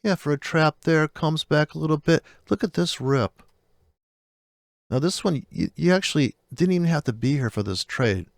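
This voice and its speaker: A man's voice: fairly high pitch, lively intonation, normal speed, creaky, no room sound, studio quality. A man giving blunt, profane, unscripted trading commentary over live charts, ranting and restless as he talks. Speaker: forex trading streamer.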